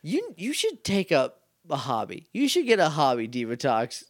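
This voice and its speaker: A man co-hosts a podcast, wryly recapping a show in casual chat. His voice sits a bit high and swings lively up and down. The sound is close and dry, with no room around it. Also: no room sound. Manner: wry, animated retelling with quick quoted voices. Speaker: podcast co-host.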